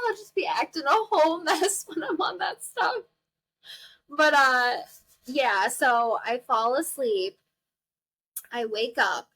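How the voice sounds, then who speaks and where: A young woman hosting a podcast, telling a personal story in a chatty, animated way, acting out the people she quotes and laughing often. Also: sits high, poor audio. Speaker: podcast host. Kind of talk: casual storytelling monologue.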